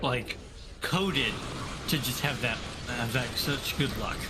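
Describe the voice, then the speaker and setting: A man's voice: mid-range voice, takes it slowly, very noisy. A man co-hosting a live stream, trading jokes and teasing banter. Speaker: co-host.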